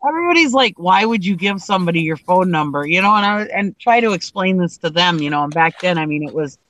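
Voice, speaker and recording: A woman hosting a casual online group chat, telling stories in an animated way and laughing often. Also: on the low side, fast talker, rough recording. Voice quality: animated storyteller, frequent laughs.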